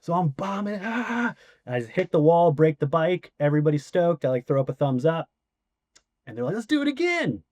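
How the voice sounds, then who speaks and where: A man guest on a podcast, casually telling a story, animated and swearing, acting out quoted voices. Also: a little high, a little fast, no echo.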